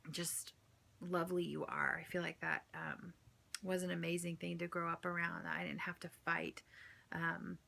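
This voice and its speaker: A young woman reflectively thanking her mother in a soft-spoken way. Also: on the low side, flat delivery, normal speed, vocal fry. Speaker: daughter. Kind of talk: heartfelt thank-you message.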